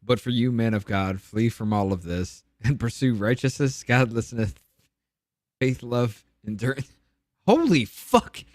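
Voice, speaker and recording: A man in casual chat who reads scripture aloud slowly and deliberately, then talks bluntly with swearing. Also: mid-range voice, fairly even intonation, darkish tone, no echo, clean studio sound.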